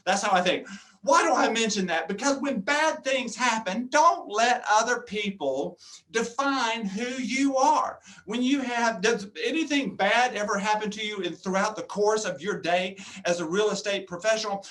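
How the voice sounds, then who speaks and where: A man's voice: high voice, unhurried, sharp tone. A man giving a humorous story-driven talk to a live audience at a luncheon, acting out both sides of conversations and asking the room questions. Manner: comic, acts out dialogue, addresses audience. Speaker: luncheon speaker. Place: meeting before a live audience.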